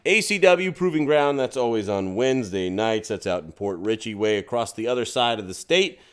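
A man with a low, smooth and resonant voice, co-hosting in easy, casual chat. He rambles a little and often restarts his sentences. He also. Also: animated, moderate pace. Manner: chatty, rambling, frequent restarts. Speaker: co-host of a local events podcast.

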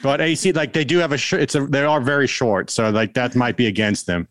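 A man's voice: medium pitch, fairly quick, fairly bright tone, no echo. South African man in casual chat. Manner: joking, rambling with many restarts. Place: Texas.

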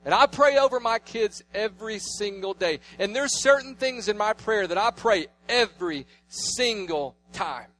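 A man in his thirties preaching a sermon, telling family stories and swinging between loud declarations and hushed asides. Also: sits high, expressive, moderate pace, hardly any pauses, faint music behind. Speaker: pastor.

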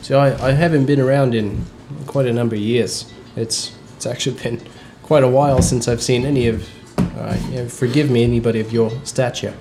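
A man speaking in character as a player in a tabletop game, halting and self-correcting. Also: mid-range voice, steady tone, over music. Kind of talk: in-character role-play.

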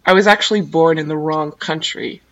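A woman's voice: low-pitched, moderate pace, muffled recording. A teenage girl from San Diego, chatting as a podcast guest and rambling with lots of "like". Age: teens. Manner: rambling, says like constantly. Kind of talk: casual chat.

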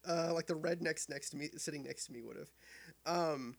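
Creaky high-voiced man rambling casually. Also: moderate pace. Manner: rambling, full of fillers and restarts; laughs easily. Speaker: podcast co-host reviewing a film. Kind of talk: casual chat.

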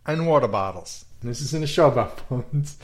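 A man from Long Island hosting a casual podcast chat, playful and animated, laughing often. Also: medium pitch, moderate pace. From Long Island, New York. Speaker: podcast host.

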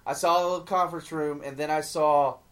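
A man's voice: fairly high pitch, brisk. A man in casual podcast chat, telling stories with energy, acting out quoted lines and swearing freely. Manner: animated storyteller, acts out quotes, swears.

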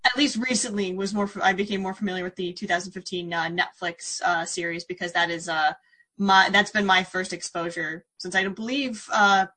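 A woman's voice: mid-range voice, steady tone, brisk, pushed and bright. A woman co-hosting a podcast, chatting casually and asking curious questions. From United States. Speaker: podcast co-host. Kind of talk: casual chat.

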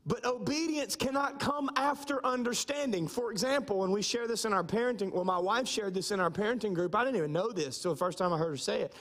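A middle-aged man preaching a sermon as pastor, emphatic and slowing down to stress key points. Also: sits high, fairly bright tone.

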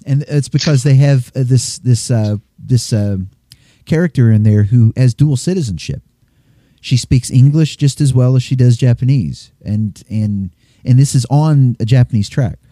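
A man's voice: mid-range voice, moderate pace, dark tone, no room sound, studio quality. A man chatting casually on a podcast, a rambling storyteller who acts out voices. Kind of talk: casual chat.

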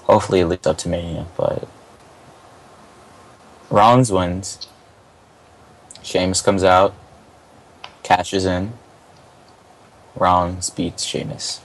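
A man's voice: low-pitched, steady tone, takes it slowly, pauses often, poor audio. A young man co-hosting a casual wrestling podcast, blunt and swearing often. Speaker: podcast co-host.

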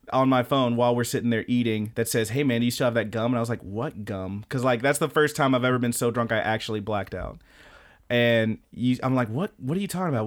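A man with a clean, mid-range voice co-hosts an anime podcast, spinning rambling stories in casual chat. He swears a lot and acts out what people said.

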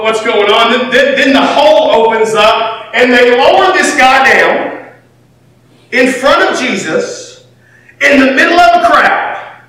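A man preaching a sermon, swinging between loud, shouted lines and near-whispered asides. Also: extremely high pitch, slight background noise. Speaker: pastor. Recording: echoey hall from far off, faint ambience.

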